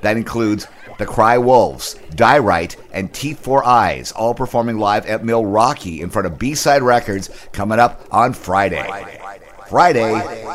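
A man's voice: fairly low pitch, animated, unhurried, fairly bright tone. A man hosting a radio show, reading out a concert calendar in an upbeat, playful way. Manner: upbeat, playful listing of band names. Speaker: radio host.

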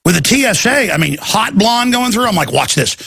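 Raspy, forceful man ranting as host. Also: high voice, a little fast, dry recording, studio quality. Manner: rambling, excitable, frequent restarts and stammers; slips into mocking voices for quotes. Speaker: talk show host. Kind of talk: ranting talk show monologue.

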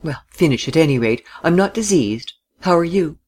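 A man reading the quiet, offhand lines of a weary young Englishman in an audiobook. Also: fairly high pitch, expressive, moderate pace, voice pushed up. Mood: wry. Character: tall, weary young Englishman, light and self-mocking. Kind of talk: audiobook dialogue.

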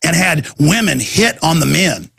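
A man's voice: fairly high pitch, big pitch swings, unhurried, vocal fry, a bit bright, husky, dry recording. A man hosting a talk show, delivering a rambling, ranting monologue full of restarts and stammers, acting out other people's voices. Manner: acts out quoted people in shifting voices.

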